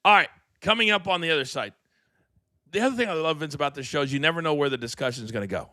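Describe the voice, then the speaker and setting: A man hosting a live wrestling talk show, with a fast, energetic, promo-style delivery. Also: a little high, no echo, studio quality. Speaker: host. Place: studio.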